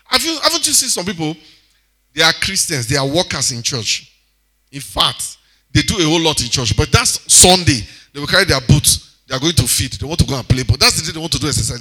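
A man with a Nigerian accent preaching a sermon in a very bright, slightly high voice. He is animated, breaking into loud exclamations and then dropping to quiet asides. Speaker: church speaker exhorting congregation.

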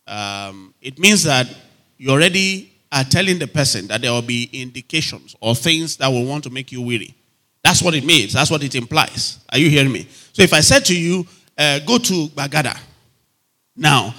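Bright-voiced man preaching a sermon. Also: fairly high pitch, lively intonation, normal speed. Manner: emphatic, repeats phrases, asks the audience if they are still there.

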